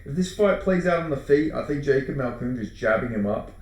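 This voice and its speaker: A man's voice: medium pitch, lively intonation, fairly quick. Rambling Australian man in a very echoey room. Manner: rambling, repeats himself, swears casually. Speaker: MMA fight predictions host. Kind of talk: casual fight predictions.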